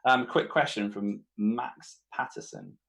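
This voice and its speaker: Male host with a low voice, relaxed and jokey, putting listener questions to a guest. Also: slow pace, creaky. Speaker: podcast host. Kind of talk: casual podcast interview.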